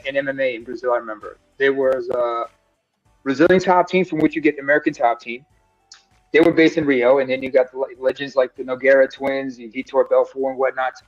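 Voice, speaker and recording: Casting: mid-pitched man, rambling fight-talk host, slightly muffled audio, faint music bed. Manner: rambling, searches for words with many fillers. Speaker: live-stream host. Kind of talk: casual talk about combat sports.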